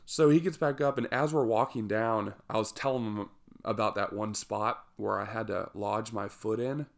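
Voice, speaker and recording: A man telling a personal story with humor, lively and self-mocking, with jokey asides. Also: lowish voice, normal speed, vocal fry.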